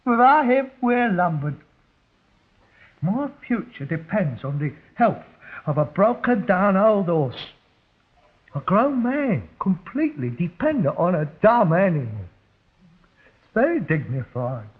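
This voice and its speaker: A man's voice: sits high, sing-song, slow, pauses often, exaggerated voice. An actor playing a weary, sarcastic middle-aged rag-and-bone man with a London accent, in 1960s sitcom style. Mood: despairing. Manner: sarcastic, theatrical, self-pitying. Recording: tinny old television audio.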